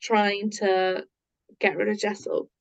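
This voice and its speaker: A woman's voice: medium pitch, fairly even intonation, slow, gravelly. A woman co-hosting a podcast, chatting casually and readily agreeing with her partner. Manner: agreeable, chimes in with short backing remarks. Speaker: podcast co-host. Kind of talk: casual chat about reality TV.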